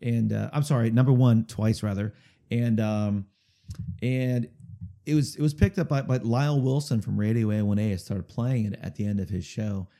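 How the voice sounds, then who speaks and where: This singer-songwriter guest has a lowish, steady, warm voice at normal speed. In a casual interview he tells a rambling, chatty story, checking in with the listener by asking "okay?" as he goes.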